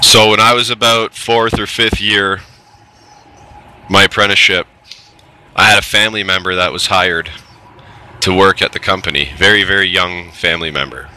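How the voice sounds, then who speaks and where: A middle-aged man with a very deep yet strikingly bright voice tells a story in a casual monologue. He speaks candidly and plainly, with the odd swear word. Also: fairly even intonation, normal speed, long pauses, slight background noise, rough recording. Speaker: trades technician telling his story.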